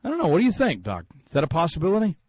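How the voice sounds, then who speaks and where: A man's voice: fairly high pitch, wildly swooping pitch, rapid-fire, a little mellow, no echo, poor audio. A man hosting a sports talk radio show, musing in a chatty way with many fillers and restarts.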